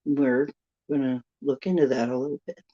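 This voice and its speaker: A woman's voice: very deep voice, fairly even intonation, moderate pace. A woman hosting a casual live stream from a room at home, chatty and rambling as she greets viewers by name. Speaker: livestream host. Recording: dull lo-fi stream audio.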